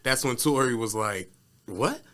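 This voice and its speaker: Bright-voiced man telling a story. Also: medium pitch, moderate pace. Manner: slangy storytelling, acts out the people in the story. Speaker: podcast co-host. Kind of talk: casual chat.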